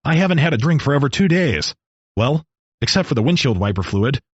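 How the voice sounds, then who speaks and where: A man voicing a parched, dazed stranded man in a storybook reading, croaking out anxious questions. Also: mid-range voice, expressive, fairly quick, no room sound, dull audio.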